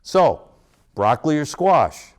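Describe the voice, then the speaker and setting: A man presents a parenting workshop in a school room, talking with an audience and playing out parent and child scenes. His delivery is animated, with a lively pitch that swings up when he acts out a scene. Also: slow pace. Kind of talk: interactive workshop talk with role-play.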